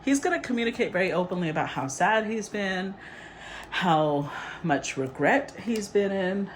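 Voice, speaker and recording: A woman giving a casual, rambling tarot reading, chatty and quick to laugh. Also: medium pitch, animated, a little hiss or hum. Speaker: tarot reader.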